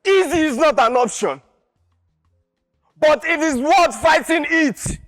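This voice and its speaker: A man's voice: very high voice, lively intonation, slow, a bit bright, big-room sound, faint music behind, full character voice. A male acting contestant performing a stage monologue as an impassioned man urging people never to give up, delivered in a preachy, rousing way.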